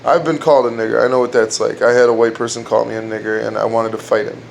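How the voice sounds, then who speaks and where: A man's voice: mid-range voice, flat delivery, quick pace, creaky, slight background noise. Rambling crude man telling jokes at home. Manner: rambling, crude, restarts jokes and laughs at his own lines. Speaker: amateur comedian trying out jokes. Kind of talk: casual joke-telling at home. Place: dark room at home.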